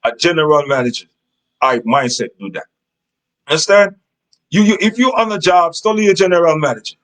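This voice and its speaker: A man's voice: mid-range voice, fairly bright tone, poor audio. A man giving relationship advice in a rambling, repetitive monologue, often checking in with "Understand?". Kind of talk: casual monologue.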